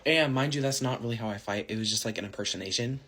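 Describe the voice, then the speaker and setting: A man's voice: mid-range voice, quick pace, fairly bright tone, slight background noise. A man telling a casual storytime to his followers, slangy and rambling, full of fillers. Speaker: social media storyteller.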